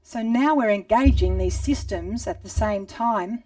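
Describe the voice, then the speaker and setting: A woman teaching a rhythm lesson, calmly guiding movement and chanting syllables. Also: medium pitch, far from the mic. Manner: calm, slow guiding speech mixed with chanted syllables. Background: drum beat.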